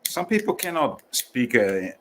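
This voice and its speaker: A man's voice: medium pitch, sing-song, measured pace, a little hiss or hum. A man chatting casually, swearing and stacking filler words. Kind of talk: casual chat.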